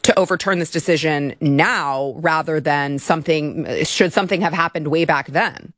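A woman with a lowish voice hosts an interview and asks curious, conversational follow-up questions. Her voice is dry and close, with no room sound. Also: normal speed, a bit bright, no echo.

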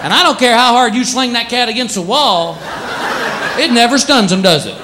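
A man's voice: extremely high pitch, moderate pace. A male stand-up comedian performing a routine on a club stage, acting out his pets in silly voices. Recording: live club recording, crowd and noise.

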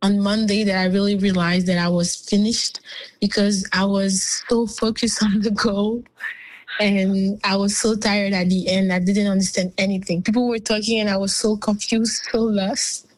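A tired woman speaks as an interview guest at an average pitch. Her phrasing is earnest and halting, and she laughs lightly between her thoughts. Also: little pitch movement, low-quality recording. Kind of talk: interview answers.

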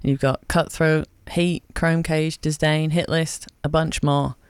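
A man's voice: a little high, flat delivery, measured pace, clear, resonant tone, dry recording. Chatty man hosting radio. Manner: chatty and enthusiastic, with frequent ums. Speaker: radio show host. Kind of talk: late-night community radio interview. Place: radio studio.

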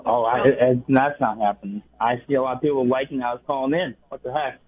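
A man's voice: mid-range voice, fairly even intonation, fast, breathy edge. A man calling in to a sports radio show, cocky and brushing off the host's teasing. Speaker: caller. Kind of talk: call-in chat. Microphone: phone. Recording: tinny phone line.

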